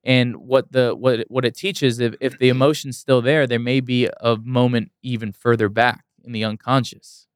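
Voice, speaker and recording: A man's voice: mid-range voice, level tone, normal speed, clear, resonant tone, no room sound, studio quality. Earnest man telling a story. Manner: earnest, emphatic, repeats for emphasis. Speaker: motivational speaker, guest. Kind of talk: casual interview storytelling.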